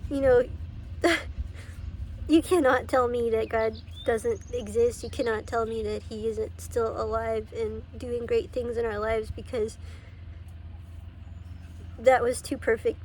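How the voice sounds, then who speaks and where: A woman's voice: a little high, fairly even intonation, takes it slowly, pauses often, darkish tone, slight background noise. A woman giving an emotional personal testimony on her vlog, tearful and laughing between words. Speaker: faith vlogger.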